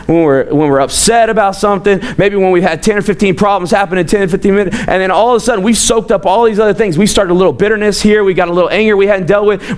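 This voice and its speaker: A young adult man preaching a casual sermon, telling stories and acting out the voices of people in them. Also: high voice. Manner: animated storytelling, acts out quoted voices, chuckles often. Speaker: pastor.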